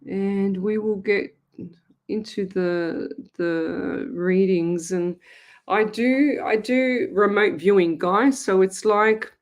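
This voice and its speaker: Middle-aged Australian woman, live-stream host, casual and friendly chatter, quick to laugh. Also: medium pitch. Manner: chatty, greets viewers by name, laughs easily. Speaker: psychic medium hosting a live stream.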